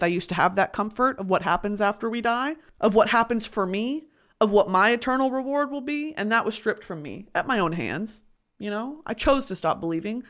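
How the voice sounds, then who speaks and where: A woman hosting a podcast, talking in an earnest, emotional personal monologue. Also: fairly high pitch. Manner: emotional, earnest, tearful at times. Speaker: podcast host.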